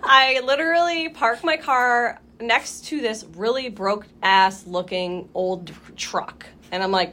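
A young woman spins a tale on a casual podcast, lively and profane, acting out her own side of the story in quick asides. A faint hiss of background noise sits under her voice. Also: a little high. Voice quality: animated, swears freely, acts out her own reactions. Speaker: podcast co-host.

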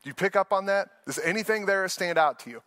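A man's voice: high-pitched, fast talker, sharp tone, no echo. A man preaching an earnest, conversational sermon, often laughing and restarting his sentences. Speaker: pastor.

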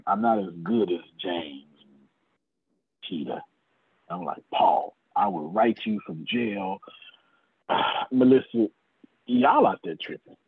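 Fiery husky-voiced man preaching sales. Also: fairly low pitch, expressive, slow pace, pauses often, no room sound. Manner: fiery, talks straight to listeners by name, swears. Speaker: sales trainer. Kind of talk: animated preacher-like teaching. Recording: tinny phone-like video call audio.

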